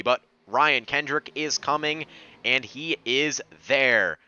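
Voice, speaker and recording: A male sim racing commentator giving steady, analytical race calls. His voice is bright, crisp and resonant. It is recorded on a dry, slightly dull lo-fi mic. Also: medium pitch, no echo.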